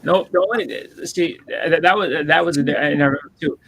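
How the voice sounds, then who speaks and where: A man's voice: on the high side, fairly quick, creaky, a bit bright, husky, rough recording. A man in his thirties and father of a young daughter, co-hosting a casual podcast chat and telling rambling stories full of restarts and acted-out quotes. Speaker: podcast co-host. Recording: faint background noise.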